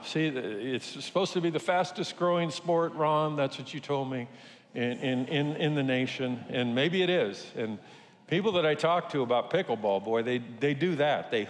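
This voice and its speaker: A man's voice: medium pitch, lively intonation, moderate pace. An older man preaching a sermon to a congregation in a conversational, joking way. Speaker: pastor. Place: church sanctuary. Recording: reverberant church hall.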